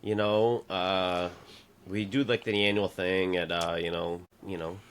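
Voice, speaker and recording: A man's voice: low voice, fairly even intonation, measured pace, a little hiss or hum. A man co-hosting a podcast in loose, joking, profane casual chat. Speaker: podcast co-host.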